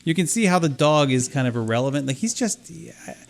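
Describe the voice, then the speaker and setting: A man's voice: on the high side, expressive, a little fast. A man co-hosting a podcast, chatting playfully while he plays a video game and reads its characters aloud. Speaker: podcast co-host. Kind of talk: casual chat while playing a video game.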